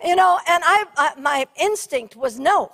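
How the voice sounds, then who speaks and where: A middle-aged woman preacher telling an animated, funny story in a sermon. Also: high voice, a little slow, vocal fry. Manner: animated, shrieking during funny story parts.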